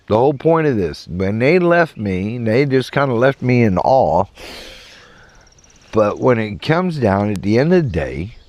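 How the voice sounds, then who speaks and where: A middle-aged man with a Southern drawl tells a rambling, lively story. His voice swings widely up and down as he acts out the people in it. The sound is close and dry, with no room echo. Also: lowish voice. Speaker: podcast host telling a story. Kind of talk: casual storytelling.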